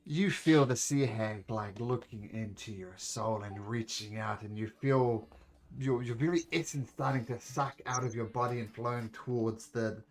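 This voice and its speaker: A man's voice: medium pitch, moderate pace. Easygoing man running a tabletop game. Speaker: game master.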